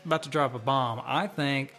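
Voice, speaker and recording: A man's voice: mid-range voice, normal speed, a bit bright, soft background music. Teasing, opinionated podcast man. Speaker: podcast co-host. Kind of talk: casual podcast chat.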